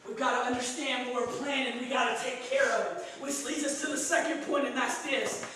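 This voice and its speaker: High-voiced man preaching in an echoey church. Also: fairly even intonation, a little fast, crowd noise. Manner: call-and-response, punctuating lines with "amen", building to shouts. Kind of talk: sermon. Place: church sanctuary. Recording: echoey sanctuary, distant mic. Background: congregation responding.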